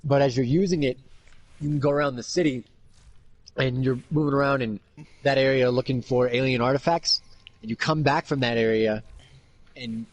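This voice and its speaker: A man's voice: mid-range voice, moderate pace, long pauses. A man hosting a podcast in casual chat, rambling with constant fillers and swearing. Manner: rambling, profane, heavy "like" filler. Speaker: podcast host.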